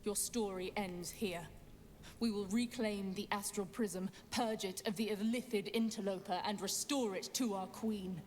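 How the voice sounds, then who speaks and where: A woman's voice: medium pitch, fairly even intonation, a little slow, a little mellow, slight background noise, lightly acted. A woman voicing a stern, commanding female Githyanki warrior in a video game, imperious and threatening.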